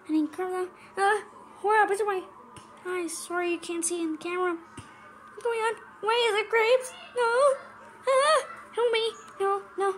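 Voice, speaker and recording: Mickey Mouse, squeaky and slow, as a woman puts him on. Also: a little hiss or hum. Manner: rambling, nervous, prone to frantic yelps. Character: squeaky cheerful male cartoon mouse. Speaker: fan voicing a reaction video. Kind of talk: in-character reaction commentary.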